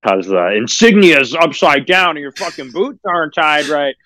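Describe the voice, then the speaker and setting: A man's voice: fairly high pitch, lively intonation, normal speed, over a noisy crowd. A man in a casual stream chat, talking with profanity and sarcasm and mock-acting other people. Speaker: streamer guest.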